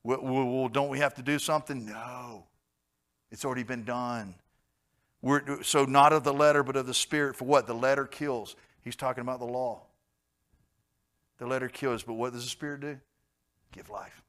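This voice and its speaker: Male pastor, sermon delivery, dynamic: big loud peaks, hushed asides. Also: mid-range voice, moderate pace. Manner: lively preaching, swings from loud exclamations to quiet asides.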